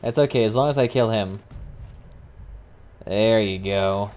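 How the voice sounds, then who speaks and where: A young man streaming a vehicle combat game, chatting casually with swearing and sudden excited outbursts as he plays. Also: fairly low pitch, unhurried. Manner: casual, profane, excitable reactions. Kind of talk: live gameplay commentary.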